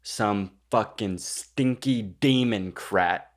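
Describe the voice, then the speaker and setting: A man's voice: on the low side, very slow. A young man co-hosting a podcast, with campy, teasing, crude banter. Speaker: podcast co-host. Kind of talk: casual chat.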